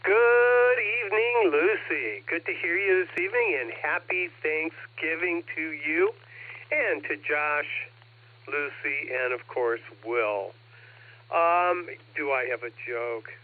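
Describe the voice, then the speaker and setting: A man checking in to an amateur radio net, telling jokes in a slow, folksy way. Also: fairly high pitch. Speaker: net caller. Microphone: radio transceiver microphone. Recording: narrow radio transmission audio.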